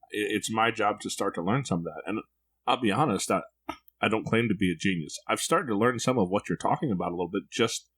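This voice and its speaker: A man's voice: fairly low pitch, fast, a bit bright. A man hosting a parenting podcast, talking in a candid, reflective way. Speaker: podcast host. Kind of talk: podcast interview.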